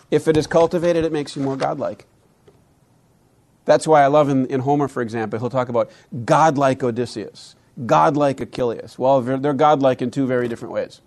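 A man giving a lecture on classical education with animated, preacher-like delivery, asking the audience many rhetorical questions. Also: fairly high pitch.

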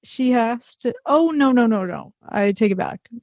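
A woman's voice: a little high, lively intonation, unhurried, a little mellow, dry recording, lo-fi sound. A woman co-hosting a casual podcast, bubbly and laughing often. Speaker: podcast co-host.

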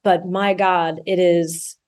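A woman author talking as a podcast guest, expressive and talkative. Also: lowish voice, slow. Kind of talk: podcast interview.

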